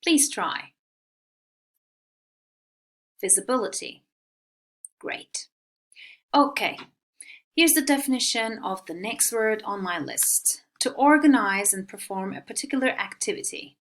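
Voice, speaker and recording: A woman teaching English vocabulary in a recorded online lesson, speaking clearly and drilling pronunciation. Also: on the high side, lively intonation, a little slow, pauses often, a bit bright.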